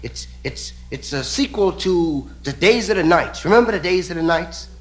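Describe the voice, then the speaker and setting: A man's voice: sits high, animated, normal speed, fairly bright tone, poor audio. A male stand-up comedian telling a story with playful, mock-serious asides. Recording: hissy 1970 live comedy record.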